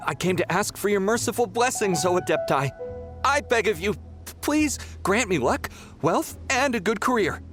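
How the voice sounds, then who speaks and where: Brief: pushy male pilgrim, theatrical, very lively pitch, game music behind. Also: normal speed. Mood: eager. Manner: theatrical, demanding, indignant. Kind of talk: video game voice acting.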